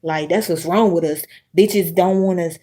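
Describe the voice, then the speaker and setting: A woman's voice: on the low side, steady tone, moderate pace, warm tone. A woman in her thirties ranting bluntly on a livestream, profane and preachy, talking straight to her viewers. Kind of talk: casual livestream rant.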